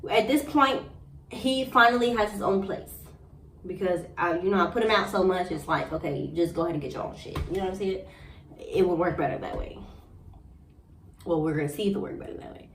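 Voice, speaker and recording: A young woman vlogger telling a personal story in a blunt, profane, animated way. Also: on the low side, a little fast, recorded from a distance, slight background noise. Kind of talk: candid storytime monologue. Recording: roomy echo, a bit off-mic.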